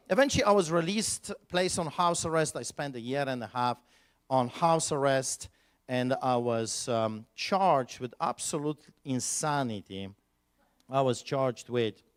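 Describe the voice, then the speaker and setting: The voice is a man's, pitched a little high, belonging to a pastor sharing a personal anecdote at a conference. His delivery is energetic and forceful, punctuated by sudden loud outbursts.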